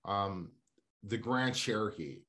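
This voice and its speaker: A man hosting a casual car podcast, talking in an animated, ranting way. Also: fairly low pitch, takes it slowly.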